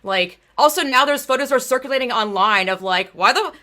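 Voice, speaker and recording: A young woman hosting a casual talk show, blunt and profane, swinging from quiet asides into outraged rants. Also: fairly high pitch, expressive, brisk. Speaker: host. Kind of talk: casual podcast chat.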